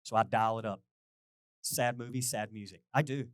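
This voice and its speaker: A man's voice: lowish voice, moderate pace, no echo, clean studio sound. A man preaching a sermon as pastor in a loose, chatty way, full of jokes and questions to the congregation. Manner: animated, jokey, asks the crowd questions, sings bits. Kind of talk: conversational sermon.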